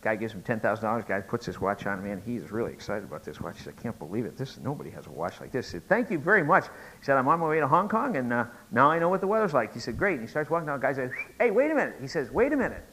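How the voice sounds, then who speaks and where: A middle-aged man preaching a sermon, telling a joke story and rising to loud, emphatic peaks. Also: mid-range voice, very animated, rapid-fire, hardly any pauses, slight background noise, rough recording. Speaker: pastor.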